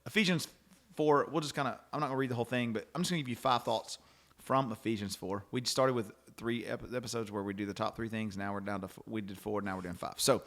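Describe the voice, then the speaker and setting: A middle-aged man hosts a casual, faith-based podcast chat, rambling, restarting his thoughts, and acting out quoted lines. His voice sits on the low side with a steady tone, a slightly bright quality, and a fast pace.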